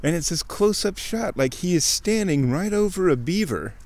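A man hosting a casual nature chat outdoors by a creek, a chatty storyteller who jumps into high mock voices when quoting people. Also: expressive, normal speed, a little mellow. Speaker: host.

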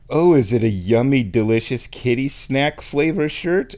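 A man hosting a casual show at his microphone, playful, dropping into high baby talk for his cat. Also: lively intonation, unhurried, few pauses, a little mellow. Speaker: radio host. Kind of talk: casual chat. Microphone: studio microphone.

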